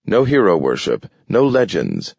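Male audiobook narrator, very low and slow, measured and descriptive, dull audio. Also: wildly swooping pitch, gravelly, darkish tone, husky, no room sound. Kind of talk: scripted narration.

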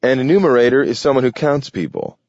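A man's voice: medium pitch, fast, darkish tone, no room sound, voice pushed up, close to an everyday voice. A man reading the lines of an easygoing, friendly adult man in an audiobook. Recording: dull lo-fi recording.

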